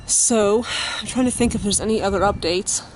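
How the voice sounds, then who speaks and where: A woman's voice: mid-range voice, moderate pace, music in the background. A woman vlogging at home, telling a story to the camera in a blunt, profane way with lots of fillers.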